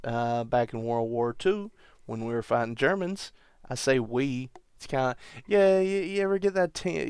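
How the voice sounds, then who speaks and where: Smooth-voiced rambling podcast guy. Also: medium pitch, darkish tone, no room sound, studio quality. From United States. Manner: rambling, wry, self-mocking asides. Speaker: podcast host. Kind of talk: rambling comic monologue.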